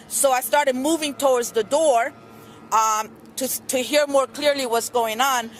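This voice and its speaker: Woman, middle-aged, high voice, earnest, rambling with fillers, outdoor news recording, faint traffic. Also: measured pace. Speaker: witness at a press conference. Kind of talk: press conference statement. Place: outdoor street press conference. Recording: news camera outdoors, faint street noise.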